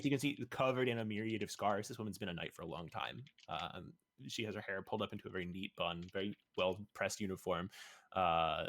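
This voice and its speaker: A man's voice: deep voice, a bit bright, no room sound. A young man narrating a tabletop game as game master, with many hesitant fillers.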